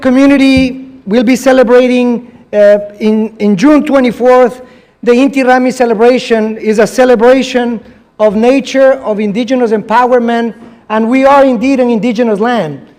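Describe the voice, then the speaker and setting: Alderman, very high voice, measured formal remarks, some ums. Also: steady tone, a little mellow, a faint crowd, low-quality recording.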